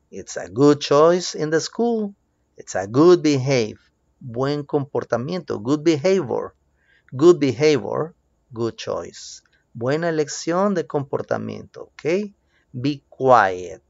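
Slow, lively Spanish-accented male teacher. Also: mid-range voice, creaky, no room sound. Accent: Mexican Spanish. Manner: slow, drawn-out drills with lively rising prompts. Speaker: English teacher. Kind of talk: bilingual children's English lesson. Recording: dull lo-fi sound.

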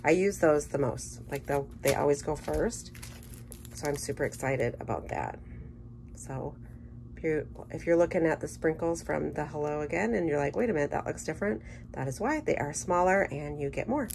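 A woman chatting casually through an unboxing, gushing with enthusiasm and dropping into soft murmured asides. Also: low voice, normal speed, creaky, slight background noise. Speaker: scrapbooking vlogger.

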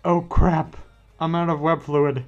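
A man's voice: fairly high pitch, animated, normal speed, natural voice. A man puts on a cheeky young male superhero in a fan-made storybook, firing off wisecracks. The voice is raised and upbeat, recorded dull and lo-fi with faint music behind. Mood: quippy. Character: quippy young male web-slinging hero.

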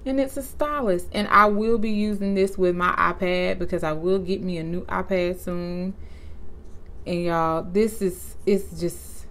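A young woman hosting a casual vlog, talking in a warm, effusive way and often close to tears. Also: on the low side. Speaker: channel host.

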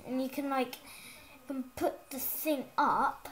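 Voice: high voice, unhurried. A child gaming vlogger chatting casually on a headset mic at home, rambling with lots of ums and restarts. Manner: excitable, chatty. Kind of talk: casual gaming vlog chat.

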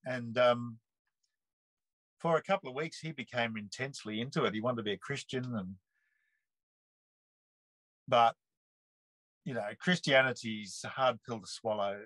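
A man, telling a personal story in a relaxed, rambling way full of earthy slang and restarts. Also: medium pitch, moderate pace, long pauses, no echo, low-quality recording. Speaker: interview guest. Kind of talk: casual storytelling.

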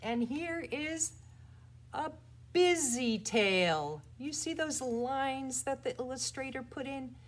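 This children's librarian speaks in a high-pitched, steady voice at a slow pace as she leads toddlers through rhymes and a picture book. She swings between exaggerated soft and loud voices, with slight background noise present.

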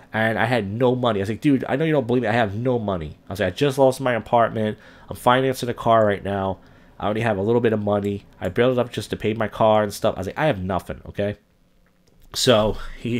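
A young man hosting a solo podcast, rambling through a long story and acting out the people he quotes. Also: fairly low pitch. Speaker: podcast host.

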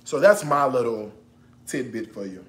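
A man's voice: medium pitch, animated, moderate pace, reverberant. A man hosting a casual cooking livestream, chatty and joking, breaking into laughter as he talks. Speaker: cooking show host.

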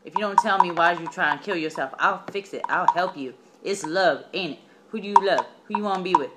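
A performer playing a bossy scheming old nursemaid. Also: female voice, fairly low pitch, a little fast, very noisy, natural voice. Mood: pushy.

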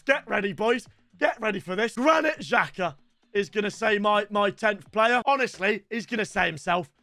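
A young man doing loud, sweary gaming commentary for his viewers. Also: sits high. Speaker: gaming YouTuber.

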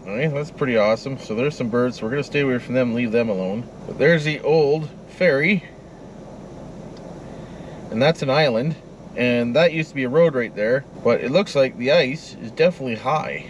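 A man's voice: mid-range voice, normal speed, highs cut off, a little hiss or hum. A man chatting casually while flying a drone outdoors by a frozen river, talking to the drone and the birds. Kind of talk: casual running commentary.

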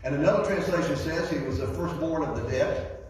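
A man's voice: a little high, a little fast, a little mellow. Echoey preacher man from afar. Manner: repeats key phrases and reads scripture aloud. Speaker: guest preacher. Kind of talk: sermon. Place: church sanctuary. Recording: echoey hall, voice from far off.

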